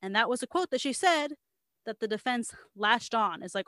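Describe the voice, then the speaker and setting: A woman telling a story in casual chat, full of "like" and acted-out quotes from the people in it. Her voice sits at an ordinary pitch and sounds close and dry, with no room around it. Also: normal speed, dry recording. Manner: animated storytelling, quoting others, frequent "like".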